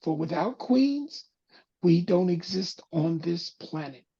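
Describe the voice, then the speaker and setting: A man with a gravelly, husky voice delivers an impassioned talk-show monologue in a preacher-like rhythm, sinking low and soft to press his points. His tone is dark and mellow, and the recording sounds a little dull and lo-fi. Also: expressive, slow pace. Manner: preacher-like cadence, drops voice low and soft for emphasis. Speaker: panel host.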